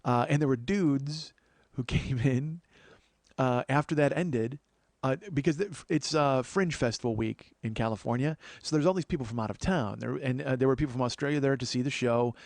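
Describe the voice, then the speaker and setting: A man's voice: mid-range voice, moderate pace, vocal fry, darkish tone, no room sound. A man hosting a comedy podcast, chatting casually and jokily, rambling with frequent restarts. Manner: rambling, joking, lots of "uh" restarts. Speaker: podcast host.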